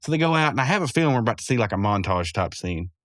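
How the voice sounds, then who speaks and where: A man's voice: medium pitch, very animated, very fast, dry recording, studio quality. Rambling man recapping an episode. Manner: rambling, chuckles often, self-correcting. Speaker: podcast host.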